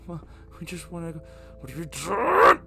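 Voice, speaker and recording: A frightened young woman, put on by a man running the game, cries out high and thin, wanting only to go home. The voice jumps far above his natural register. The effect is eerie and distant. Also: wildly swooping pitch, moderate pace, creaky, bright, forceful tone, faint music behind, heavily acted.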